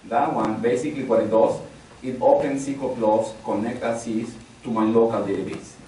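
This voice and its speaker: Speaking at a medium pitch with a dark tone, a man instructs a live technical training class, keeping it conversational while repeating key phrases and polling listeners. He's captured from a distance in a highly reverberant room with slight background noise.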